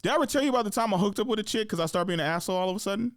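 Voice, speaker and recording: A young man, the host of a chat podcast, tells stories in a loose, laid-back way, often jumping up in pitch to act out what people said. His voice sits a little high, recorded dry and close. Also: animated, rapid-fire, a bit bright, no echo. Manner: laid-back storytelling, acts out quotes in a raised voice, laughs often. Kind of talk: casual chat.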